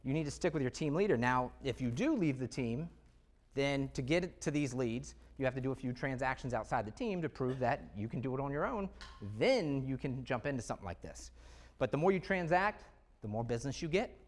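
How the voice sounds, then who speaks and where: A man giving an energetic, conversational presentation to real estate agents, full of rhetorical questions. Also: medium pitch, a little fast. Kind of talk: live sales presentation.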